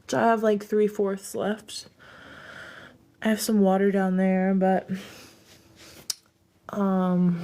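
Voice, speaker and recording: A woman's voice: medium pitch, flat delivery, takes it slowly, long pauses, dark tone. Giggly woman rambling in an echoey room. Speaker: streamer. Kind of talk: casual live-stream chat. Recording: echoey room with long reverb.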